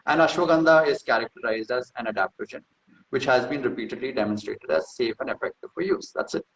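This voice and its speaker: A man's voice: mid-range voice, fast talker, fairly bright tone. A man in casual talk reading through a research paper, brash and mocking, with profane boastful asides. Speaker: host. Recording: echoey room, slightly dull sound.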